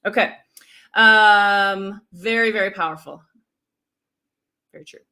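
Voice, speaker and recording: With a mid-range voice and a slow delivery, this energetic middle-aged American coach teaches speaking over a live stream. She checks in with viewers often throughout.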